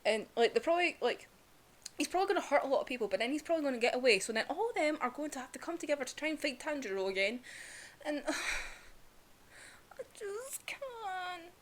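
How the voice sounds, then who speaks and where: Woman, young adult, slightly high-pitched, chatty and emotional, lots of "like", swears casually. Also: animated, rapid-fire. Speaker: manga reviewer. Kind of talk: casual reaction review.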